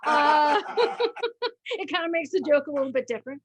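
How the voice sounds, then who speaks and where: A woman's voice: high-pitched, brisk. Woman comic telling a story. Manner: conversational, self-deprecating, chuckles mid-story. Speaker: stand-up comedian. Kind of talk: stand-up comedy storytelling.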